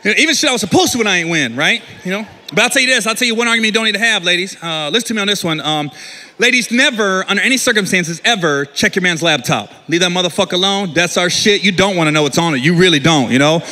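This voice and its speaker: A man performing a stand-up comedy set, telling a story in an animated way and yelling his punchlines loud. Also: high voice, quick pace, long reverb tail.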